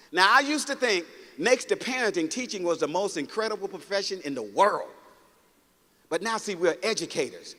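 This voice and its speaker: A man's voice: high-pitched, fairly bright tone, big-room sound. A man from Mississippi giving a motivational speech in a large auditorium, telling stories and calling out to the crowd, with the audience laughing along. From Mississippi, United States. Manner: preachy, storytelling, calls out to the crowd. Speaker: motivational speaker.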